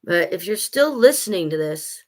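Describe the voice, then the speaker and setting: Blunt, venting woman, low voice. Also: big pitch swings, normal speed, darkish tone. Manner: blunt, swears freely, venting. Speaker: vlogger. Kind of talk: casual monologue to camera.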